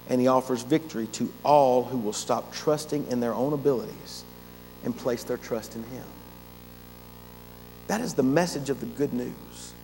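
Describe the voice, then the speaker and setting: A man preaches a sermon, and his fairly high voice carries long reverb through a church sanctuary. He builds with forceful emphasis and dramatic pauses. A faint hum sits beneath the recording. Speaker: pastor.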